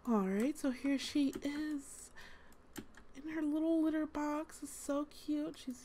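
A woman's voice: high-pitched, steady tone, takes it slowly, dark tone, a little hiss or hum. A woman host giving casual, amused gameplay commentary, chatty with lots of fillers. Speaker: gaming channel host.

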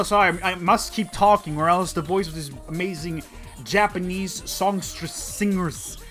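A man hosting a let's play, rambling through excitable, sarcastic gameplay commentary. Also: high voice. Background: faint game music.

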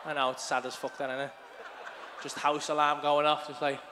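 On stage in a large, packed theatre, an English comic delivers blunt, profane stories with acted-out outbursts. His voice is a little high and fairly quick, with little pitch movement; the live hall recording has a loud crowd and slight background noise.

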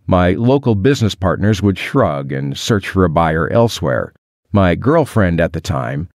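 A man narrating a first-person adventure audiobook in a wry, expressive storytelling manner. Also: sits low, no room sound, studio quality.

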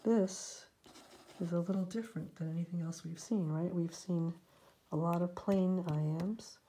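A middle-aged woman teaching poetic meter in a relaxed, casual lesson, talking through her markings and now and then dropping to a whisper. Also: on the low side, a little slow, a little hiss or hum, low-quality recording. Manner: relaxed, talks aloud while marking a poem, sometimes drops to a whisper. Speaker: poetry teacher.

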